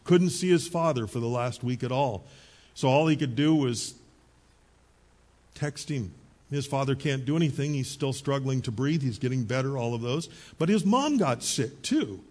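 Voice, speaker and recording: Husky-voiced preacher, man, fairly high. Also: a little mellow. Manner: conversational storytelling preaching, quick asides. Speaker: pastor. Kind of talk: sermon.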